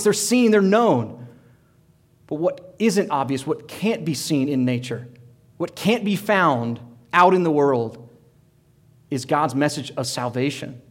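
A man preaching a sermon as pastor, earnest, with frequent restarts and rising questions. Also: fairly high pitch.

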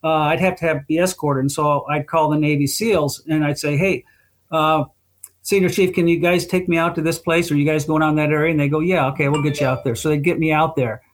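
A man's voice: fairly high pitch, fairly even intonation, brisk. An older man, a guest, telling long rambling anecdotes with lots of fillers and small chuckles. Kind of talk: casual storytelling interview.

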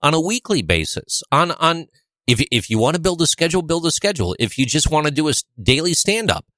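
A man's voice: on the high side, very animated, quick pace, bright, forceful tone, no echo. A man co-hosting a casual conversation podcast, joking and firing off rhetorical questions. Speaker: podcast co-host.

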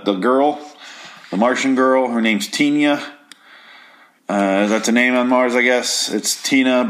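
A man's voice: lowish voice, a bit bright. A man hosting a comedic review monologue, talking in a rambling, profane, sardonic way. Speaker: podcast host reviewing a show.

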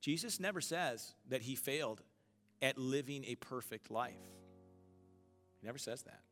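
Bright-voiced preacher man in a reverberant hall. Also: medium pitch, animated, a little slow. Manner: conversational preaching with call-and-response to the congregation. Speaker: pastor. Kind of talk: sermon. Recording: long hall reverb with faint music.

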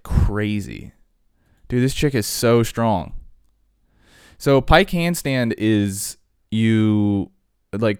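Chatty low-voiced man, loose and rambling. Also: a little mellow, dry recording, studio quality. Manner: loose, chatty, lots of fillers and asides. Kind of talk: casual rambling chat.

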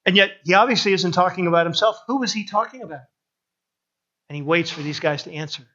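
A preacher with a high, bright voice delivers a sermon, building emphatic runs of phrases and then dropping low to land the point. The sound is a little dull, like a muffled sermon recording. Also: male voice, fast.

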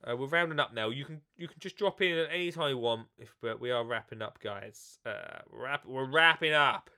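An author and gardening presenter with a cold chats casually and jokily with viewers in a live video about his gardening book. He rambles and keeps restarting sentences, and his mid-range voice is fairly quick, bright and forceful.

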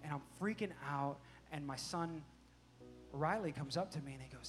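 A middle-aged male pastor preaches a sermon built around a family story, his delivery swinging between hushed and loud. His voice is a little high and fairly quick, with faint music in the background.

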